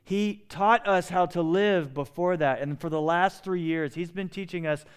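A man's voice: high-pitched, normal speed, clean tone. A middle-aged male pastor delivering a sermon, pleading and impassioned, with many rhetorical questions.

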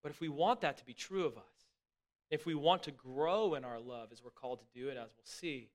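A middle-aged man, a pastor, preaching a sermon in an earnest, emphatic way, often restarting words and dropping to soft asides. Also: medium pitch, a little fast.

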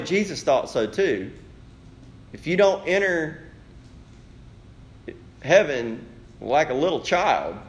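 A man preaching a sermon as pastor, with animated rhetorical questions. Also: on the high side.

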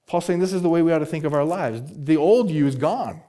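A man's voice: a little high, a little fast, mellow. A male pastor preaching an expository sermon, emphatic, repeating key words and asking rhetorical questions.

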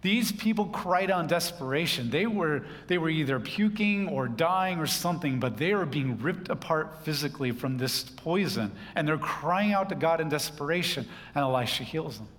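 Preacher, male, easygoing teaching tone with asides, fairly high voice, sanctuary reverb. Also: expressive, moderate pace, few pauses, a bit bright. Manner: conversational Bible teaching with asides. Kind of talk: sermon.

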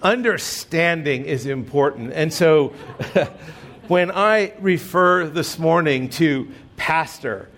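Preaching to his congregation, a middle-aged pastor uses a voice a bit higher than the typical man's. He keeps an easygoing, conversational tone and gently makes fun of himself.

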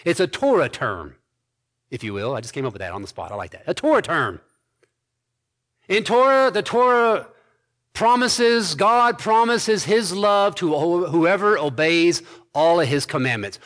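A man preaching an expository sermon, building to emphatic points with quick asides. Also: high voice, sing-song, fairly bright tone. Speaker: pastor.

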